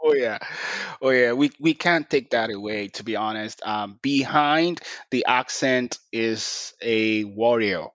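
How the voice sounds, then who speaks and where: A man's voice: on the low side, slow, few pauses, fairly bright tone, no room sound. A man from Nigeria, a podcast guest, talking in a reflective, easygoing way. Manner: reflective, easygoing, acts out quoted voices. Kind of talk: casual interview chat. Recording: dull dry sound.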